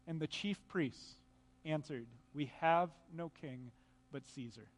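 A man's voice: on the high side, slow, big-room sound. A man preaching a sermon, reading scripture aloud and explaining it with earnest emphasis and pointed rhetorical questions.

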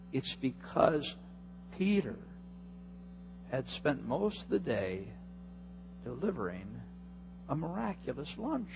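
A male pastor with a high voice preaches a sermon, telling the story energetically and acting out the voices of its characters. The hall recording is dull and lo-fi, with slight background noise.

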